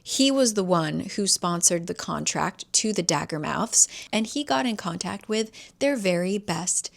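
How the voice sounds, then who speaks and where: A woman's voice: lowish voice, lively intonation, a little slow, gravelly. Chatty woman recapping a novel. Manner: chatty, swears, voices characters while retelling. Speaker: book reviewer. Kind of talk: casual book recap.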